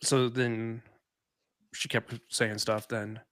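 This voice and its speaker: A man speaks in an even, middle-pitched voice, stopping and restarting as he gathers his thoughts. His voice is recorded close and dry, with no room sound around it. The talk is candid and unhurried. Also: dry recording. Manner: halting, reflective, many restarts. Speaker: podcast co-host. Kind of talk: candid conversation.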